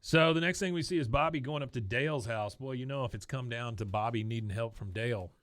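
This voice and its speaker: A man co-hosting a podcast, retelling a cartoon episode in a lively, casual way and often chuckling. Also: mid-range voice, fast talker, dry recording, clean studio sound. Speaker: podcast co-host. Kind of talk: casual episode recap chat.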